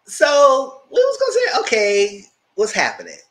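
A man giving a casual, animated recap of a reality show, acting out quotes in a squealing high voice and breaking into loud laughs. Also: moderate pace, low-quality recording. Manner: loud laughs and shouted asides. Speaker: TV show reviewer.

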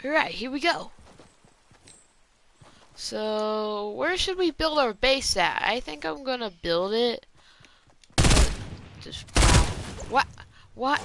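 A woman giving live commentary on an online shooter game, chatting to viewers and reacting excitedly to the action. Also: a little high, takes it slowly, creaky, pauses often, slight background noise. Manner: excitable, talks to viewers while playing, mild exclamations. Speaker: gaming commentator.

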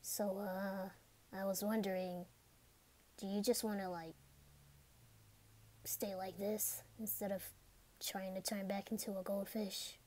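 A woman in a whispered role-play, speaking softly and hesitantly, often in a whisper. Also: medium pitch, flat delivery, takes it slowly, long pauses. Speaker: ASMR role-play performer.

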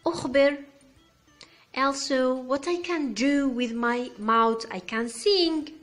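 Slow, patient woman teaching beginners. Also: sits high, faint music behind. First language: Arabic. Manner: slow, patient, asks "okay?" often, spells words. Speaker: English teacher. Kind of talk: beginner language lesson.

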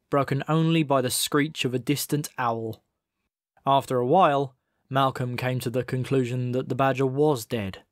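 An audiobook reader gives a measured, wry scripted narration of a comic novel. His middle-pitched voice is recorded close and dry, with no room sound.

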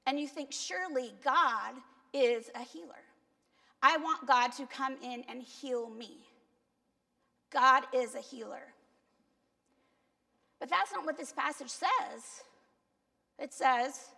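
A woman's voice: high voice, slow, creaky, pauses often, bright, forceful tone. A woman pastor with a Cuban accent giving a conversational sermon, asking the congregation questions and poking fun at herself. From Cuba. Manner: conversational, self-deprecating, asks the congregation. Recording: church hall reverb.

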